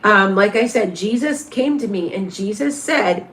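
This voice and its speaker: A woman's voice: medium pitch, animated, a little slow, a bit bright. A woman in her fifties, a medium hosting a livestream, chatting casually through viewer questions with lots of restarts and asides. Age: 50s.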